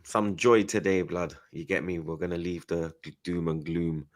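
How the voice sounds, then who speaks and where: Deep-voiced man hosting football chat. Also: steady tone, moderate pace. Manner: London slang-heavy, says 'blood' and 'you get me' often. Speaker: host. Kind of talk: casual live-stream football chat.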